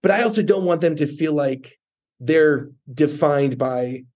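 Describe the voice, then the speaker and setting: A man's voice: fairly high pitch, a little slow, a little mellow. A man hosting an interview podcast, telling a personal story in a casual way with many restarts. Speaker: podcast host.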